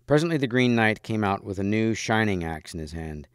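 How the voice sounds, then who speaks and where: A man narrating a storybook in a measured, expressive voice. His tone is low-pitched, smooth and resonant. The sound is close and dry, with no room echo. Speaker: reader. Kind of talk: storybook read-aloud.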